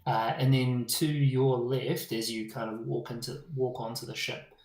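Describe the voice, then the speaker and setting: A man with a New Zealand accent narrating a tabletop game as game master, relaxed and pausing with ums as he describes the scene. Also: mid-range voice. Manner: relaxed, searching for words with ums. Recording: echoey room.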